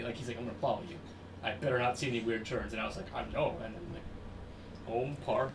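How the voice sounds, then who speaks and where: A man tells rowdy stories in a loose, profane, animated way. His voice sits back from the microphone in a roomy space, and steady noise runs behind him. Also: medium pitch, fast talker. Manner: animated, profane, laughing storyteller. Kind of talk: casual storytelling. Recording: distant roomy mic with background noise.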